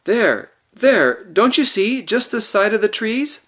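A man's voice: on the high side, very animated, moderate pace, husky, pitched above the performer's own voice, heavily acted. A man reading aloud and voicing an earnest young girl who pleads and urges. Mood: urgent.

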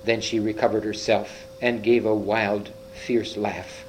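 A man reading a children's fantasy story aloud, slowly and a little haltingly, with small slips and restarts. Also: fairly low pitch, flat delivery, a little mellow, a little hiss or hum, rough recording. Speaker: reader.

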